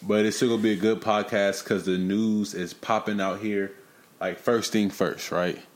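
A young man hosting a casual podcast, telling stories in lively slang and breaking into rap lines. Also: fairly low pitch, normal speed. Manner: animated, slangy storytelling with bursts of rapping. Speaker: podcast host.

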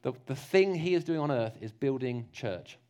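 A man preaching a lively, jokey sermon, slipping into mock voices to make his points. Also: mid-range voice, moderate pace.

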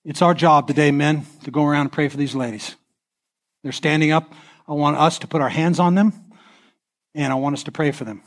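A man preaching a sermon as pastor, impassioned, swinging from near-shouts down to a hushed prayer. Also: a little high, a little fast.

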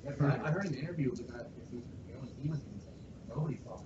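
A man in a casual podcast chat, emphatic and swearing a lot. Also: quick pace. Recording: echoey room, muffled, low rumble.

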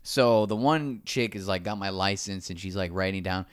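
Smooth low-voiced man telling a story. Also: moderate pace, no echo, studio quality. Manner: animated, acts out quoted dialogue. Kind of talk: casual anecdote telling.

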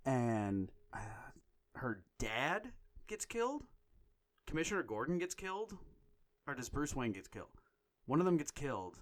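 A man casually chatting on a podcast, animated and profane, getting emotional as he retells stories. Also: mid-range voice, a little slow, long pauses. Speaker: podcast co-host.

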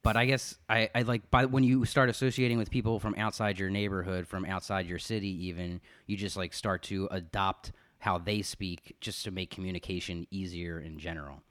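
A man's voice: deep voice, steady tone, a little fast, hardly any pauses, fairly bright tone, dry recording. A man from Philadelphia talking casually as a podcast co-host, with lots of fillers. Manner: chatty, many fillers, reads some passages aloud. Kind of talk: casual chat.

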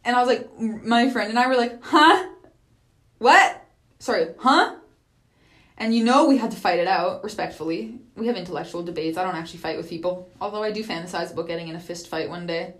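A woman's voice: fairly low pitch, fast, hardly any pauses. A woman hosts a podcast alone and speaks in a casual monologue. She is chatty and profane and laughs easily as she rambles through her story. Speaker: podcast host.

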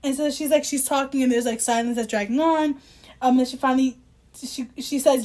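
A woman with a bright, high voice co-hosts a casual podcast. She talks in a sarcastic, joking way, laughs often, and reads book passages aloud with mock drama. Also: fast talker. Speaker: podcast co-host. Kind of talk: casual chat.

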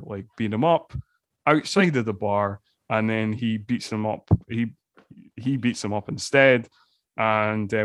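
A man's voice: fairly low pitch, dry recording, clean studio sound. Rambling man chatting about a film. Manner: rambling, many restarts and fillers. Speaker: podcast co-host. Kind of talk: casual film discussion.

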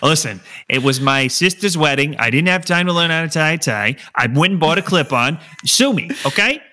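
A man's voice: a little high, brisk, bright, forceful tone. A man hosting a casual podcast, chatty and joking, with lots of fillers and restarts. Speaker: podcast host.

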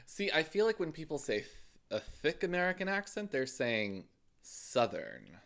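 A man's voice: on the high side, huge pitch swings, normal speed, gravelly, a bit bright. A young man co-hosting a podcast in casual banter, teasing and asking playful questions. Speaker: podcast co-host.

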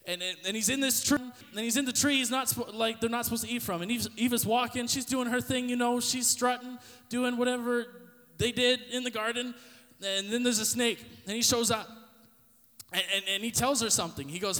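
High-voiced man retelling a Bible story. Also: fairly even intonation, brisk, sharp tone. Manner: casual, slangy, many restarts. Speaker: podcast host. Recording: long reverb.

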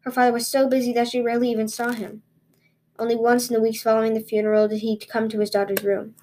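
A woman's voice: a little high, little pitch movement, fast talker, darkish tone. A woman hosting a podcast, reading fairy tales aloud expressively with small stumbles and restarts. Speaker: podcast host and storyteller.

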